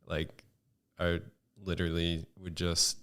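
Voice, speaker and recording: Deep, smooth monotone man. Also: slow. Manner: rambling, with many fillers and restarts. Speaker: podcast guest. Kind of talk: casual chat.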